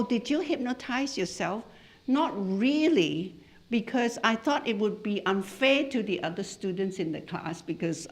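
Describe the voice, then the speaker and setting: A middle-aged woman from Malaysia lecturing a class as a hypnotherapist. She tells stories in an animated way, her pitch swinging widely as she goes. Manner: storytelling, lively and animated, with laughs. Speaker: hypnotherapist giving a talk.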